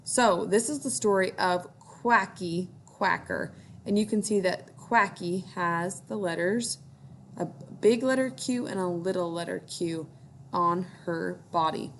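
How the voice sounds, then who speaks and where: A woman's voice: fairly low pitch, unhurried, a little hiss or hum. A woman teacher reading a picture book aloud to young children, encouraging them to join in.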